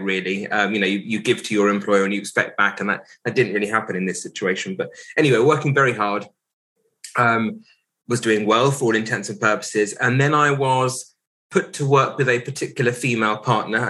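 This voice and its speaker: A man in his forties, a solicitor guest on a podcast, telling a painful personal story candidly, reflective and hesitant with many pauses and restarts. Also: fairly low pitch, bright, forceful tone, poor audio.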